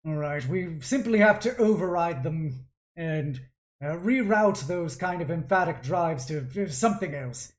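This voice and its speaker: A woman's voice: on the low side, lively intonation, measured pace. A woman voicing a cold, scheming male artificer lord who talks down to his daughter. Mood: irritated. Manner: dismissive, condescending.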